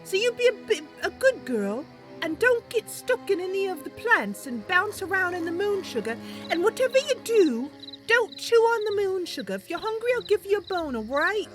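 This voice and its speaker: A woman's voice: very high voice, big pitch swings, normal speed, over music, voice pushed up. A woman voicing a cheerful young female wood elf adventurer, chirpy, eager and polite.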